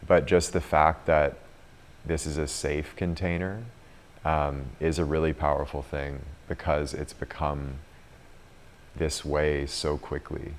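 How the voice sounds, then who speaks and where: A man's voice: very deep voice, little pitch movement, slow pace, slight background noise. A man in his thirties leading a retreat group, telling a story in a chatty way and laughing often. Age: 30s. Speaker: retreat leader and coach.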